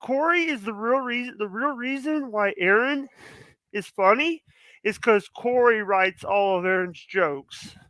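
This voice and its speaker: A man's voice: sits high, measured pace, pushed and bright, no room sound, low-quality recording. A man talking as a podcast guest in a casual chat, rambling and emphatic, often restarting his sentences.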